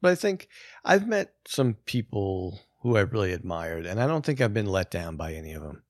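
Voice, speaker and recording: Low-voiced man hosting a casual chat. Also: big pitch swings, normal speed, no room sound, clean studio sound. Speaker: podcast host.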